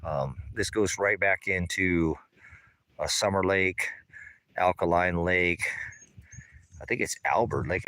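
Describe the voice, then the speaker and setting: A man casually giving a rambling walking tour of a high desert ranch outdoors, pausing often as he talks. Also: no echo, poor audio. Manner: rambling, relaxed, hesitant with many pauses. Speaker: channel host.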